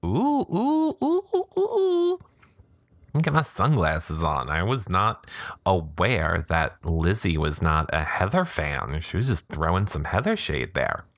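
A woman with a notably low voice hosts a casual podcast, chatting and cracking jokes between read-out passages. Her pitch swings all over the place as she interrupts herself. The sound is close and dry, with no room around it. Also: sing-song, measured pace, a bit bright, dry recording. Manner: chatty, joking asides, self-interrupting. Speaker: podcast host. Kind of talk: casual podcast chat, reading blogs aloud.

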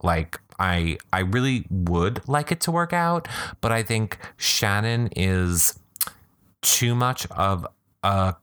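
Male recap host, deep-pitched and highly animated, snarky and excitable. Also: takes it slowly, smooth. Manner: sarcastic, gossipy, excitable. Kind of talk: comedic reading and commentary.

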